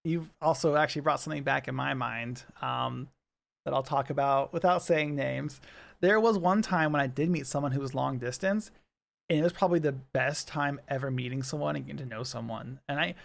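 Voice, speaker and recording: A man's voice: medium pitch, brisk, gravelly, a bit bright. A man in his thirties, a podcast co-host chatting casually and telling stories with frequent laughs. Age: 30s. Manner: chatty storyteller, laughs often. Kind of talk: casual chat.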